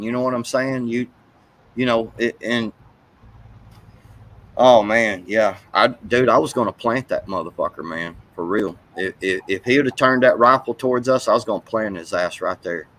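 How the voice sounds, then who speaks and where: Man, profane, rambling, heated, casual chat, mid pitch. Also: normal speed, fairly bright tone, low-quality recording. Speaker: storyteller.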